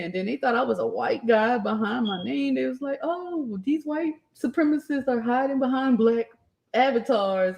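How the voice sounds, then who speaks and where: Animated, laughing woman chatting on stream. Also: medium pitch. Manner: laughing often, animated, quoting herself in a raised voice. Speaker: streamer and channel host. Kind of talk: casual live-stream chat.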